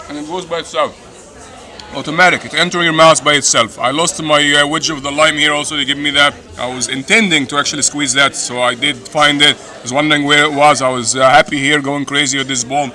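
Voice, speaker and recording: A middle-aged man eating and reviewing a meal, effusive and a little hoarse from hot pepper. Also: a little high. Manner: enthusiastic, repeats "delicious" and "beautiful". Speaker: food vlogger. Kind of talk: casual food review while eating. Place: busy restaurant, indoors. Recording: noisy restaurant with crowd chatter. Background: crowd chatter.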